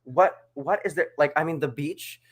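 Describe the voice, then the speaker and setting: A co-host in casual chat, animated and quick to laugh, leaning on "like" as a filler. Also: medium pitch. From United States. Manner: animated, laughs often, leans on "like".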